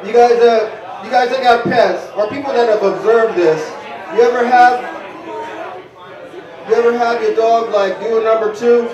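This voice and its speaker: A man's voice: very high-pitched, fairly even intonation, moderate pace, long pauses, lo-fi sound. A man doing a stand-up comedy set in a bar, rambling loosely and quizzing the crowd. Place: bar stage at an open-mic show. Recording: echoey bar taped from far off with a crowd.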